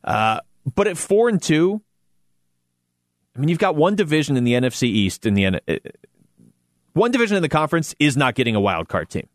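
A man's voice: a little high, very animated, brisk, pauses often, dry recording, studio quality. A man hosting a sports talk show, chatting casually and animatedly about a football team's playoff chances with self-deprecating asides. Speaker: sports radio host.

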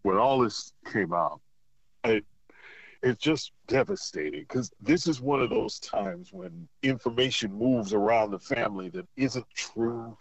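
A man calling in to a radio show as a father, talking in an earnest, halting way with many restarts. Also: medium pitch, lively intonation, creaky, muffled recording. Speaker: caller, father. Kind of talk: emotional phone conversation.

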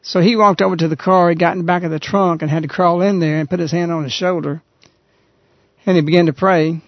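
A man hosting a radio talk show, earnestly retelling a story in a halting, conversational way. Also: a little high, fairly even intonation, no echo. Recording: dull, lo-fi radio recording.

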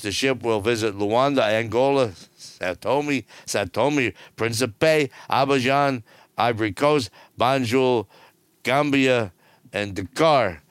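A man's voice: medium pitch, a little slow, smooth, no echo. A middle-aged man giving casual cruise news commentary, with wry, sarcastic asides. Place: on board a cruise ship.

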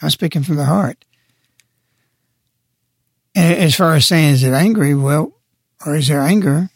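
A man's voice: on the high side, unhurried, breathy edge, no room sound, studio quality. A man speaking on a radio talk show in an impassioned, preaching way, pressing his points hard. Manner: forceful, preaching, emphatic.

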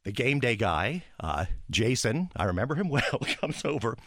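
Lively storytelling man, dry sound. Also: mid-range voice, moderate pace, hardly any pauses, no room sound. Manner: lively storytelling, acting out voices in bursts. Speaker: former arena announcer telling a story. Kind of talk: animated anecdote.

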